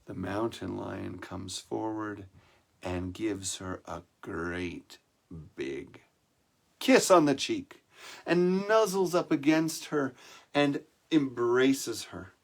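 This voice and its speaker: A man telling a dramatic story to an online congregation, often pausing to ask the audience questions. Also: fairly low pitch, animated, creaky. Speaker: spiritual teacher.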